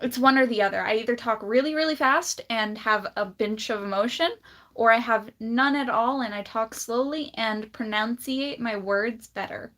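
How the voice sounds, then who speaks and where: A woman's voice: on the high side, a bit bright. A woman chatting casually on a livestream, blunt and laughing often, with a slight lisp. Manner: blunt, laughs often, drawls words out slowly.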